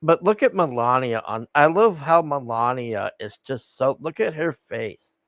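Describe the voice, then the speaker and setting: A man's voice: mid-range voice, expressive, measured pace, fairly bright tone, dry recording. A man reacting to a video in a casual, scoffing, profane rant.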